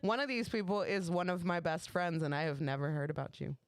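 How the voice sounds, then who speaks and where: A woman co-hosting a comedy podcast, telling stories in casual chat with animated delivery. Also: lowish voice, brisk. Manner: animated storytelling, frequent laughter. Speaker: podcast co-host.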